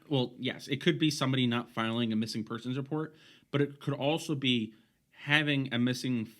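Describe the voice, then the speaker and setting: A man's voice: mid-range voice, bright, forceful tone. A man co-hosting a casual podcast, rambling through his points with many restarts and fillers. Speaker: podcast co-host.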